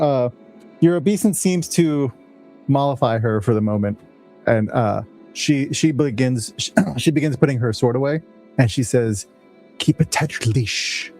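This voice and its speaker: A man running a tabletop game over an online call, narrating scenes and asking players what they do. His voice is mellow and dark, and he laughs easily and stumbles into restarts as he talks. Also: medium pitch, measured pace, soft background music. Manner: laughs often, hesitant restarts. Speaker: game master.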